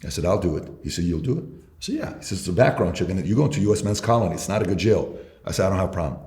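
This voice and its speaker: A man's voice: deep voice, lively intonation, rapid-fire, darkish tone. A man being interviewed as a guest entrepreneur, telling stories and acting out both sides of conversations. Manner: acts out both sides of dialogues. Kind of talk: storytelling interview talk. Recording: roomy echo.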